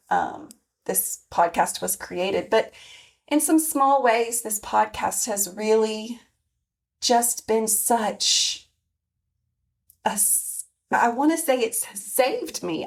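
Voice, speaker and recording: Woman in her forties, podcast host, unhurried, candid personal monologue, mid pitch. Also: vocal fry. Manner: candid, reflective, with many fillers and restarts.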